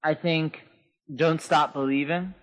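A man's voice: fairly even intonation, takes it slowly, fairly bright tone. A man co-hosting a casual podcast, playful and joking. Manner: playful, breaks into falsetto singing. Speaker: podcast co-host.

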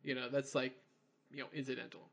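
A man co-hosting a casual movie review podcast, relaxed and chatty, laughing easily as he talks. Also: mid-range voice, fast talker, creaky, crowd noise. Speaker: podcast co-host.

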